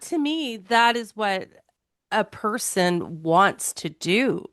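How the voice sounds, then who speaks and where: A woman co-hosting a podcast, responding in a measured, reflective way. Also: medium pitch, expressive, fairly bright tone, no room sound, clean studio sound. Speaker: podcast co-host. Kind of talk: casual podcast conversation.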